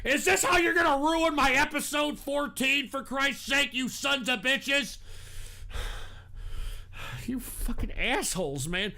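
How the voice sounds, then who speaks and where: A man's voice: very high voice, slow, gravelly, bright, forceful tone. A man hosting a call-in show, ranting angrily and cursing at trolls in the chat room. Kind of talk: angry profane rant.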